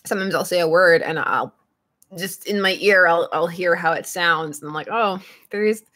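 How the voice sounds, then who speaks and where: A woman's voice: fairly low pitch, moderate pace, pushed and bright. Chatty Canadian woman, laughing often. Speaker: podcast co-host. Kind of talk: casual fandom chat.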